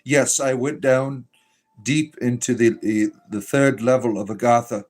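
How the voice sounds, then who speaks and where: A man's voice: mid-range voice, fairly even intonation, measured pace. A man hosting a casual livestream, reading chat messages aloud in a joking, irreverent way and laughing often.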